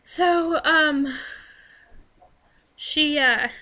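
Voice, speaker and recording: A young woman talks into her camera, her high voice bright and sharp. She rambles with plenty of fillers and restarts, and her voice sounds a little hoarse. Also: fairly even intonation, drawn-out words. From New Jersey. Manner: chatty, rambling, many fillers and "like". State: hoarse, voice straining. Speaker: vlogger. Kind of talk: casual Q&A storytelling.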